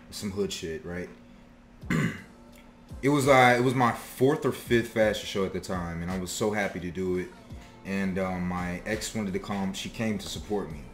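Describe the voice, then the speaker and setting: A young man candidly telling a personal story in a casual, confessional way, swearing freely and getting emotional. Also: low voice.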